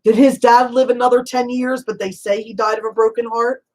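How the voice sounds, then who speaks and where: A woman's voice: fairly high pitch, flat delivery, rough recording. Chatty woman medium calling people honey. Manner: chatty, warm endearments, frequent "you know"; laughs easily, asks rapid probing questions. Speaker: psychic medium. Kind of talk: casual spirit reading.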